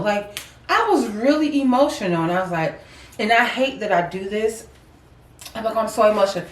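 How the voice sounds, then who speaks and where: Woman co-host, emphatic, repeats for weight, roomy distant mic sound. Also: mid-range voice. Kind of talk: casual heartfelt chat.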